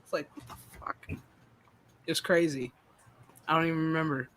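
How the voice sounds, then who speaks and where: Bright-voiced, profane man chatting. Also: fairly high pitch, moderate pace. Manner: profane, animated storytelling. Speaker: streamer host. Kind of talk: casual chat.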